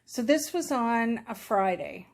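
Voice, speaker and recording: Speaking slowly in an animated, fairly high voice, a middle-aged woman shares a personal story with her viewers. She's chatty, rambling and emotional, performing the quoted dialogue as she goes.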